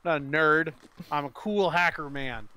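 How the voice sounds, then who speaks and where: A man's voice: on the high side, measured pace, a crowd in the background. A man playing in a tabletop game, joking and bantering in a casual way. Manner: joking, self-deprecating banter. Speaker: player.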